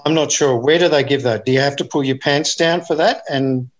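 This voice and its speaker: A man's voice: mid-range voice, a little fast, slight background noise. A man co-hosting a casual interview podcast, joking around with playful asides. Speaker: podcast co-host.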